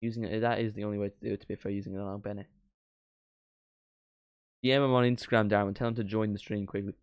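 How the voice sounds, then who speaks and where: Young guy doing a live footy watchalong, dry close mic, yells at the big chances. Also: lowish voice, fast, clean tone, dry recording. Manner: excitable, shouts at big moments, chats to stream viewers. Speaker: watchalong streamer. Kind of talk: live football watchalong commentary.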